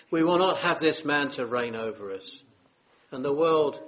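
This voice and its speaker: A man's voice: on the high side, moderate pace, a bit bright. A man preaching a sermon, earnest and solemn, pleading with his listeners.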